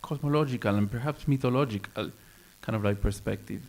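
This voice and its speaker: A man's voice: mid-range voice, brisk, darkish tone. A man speaking on a panel at a round-table discussion, thoughtful and hesitant, with many fillers and restarts.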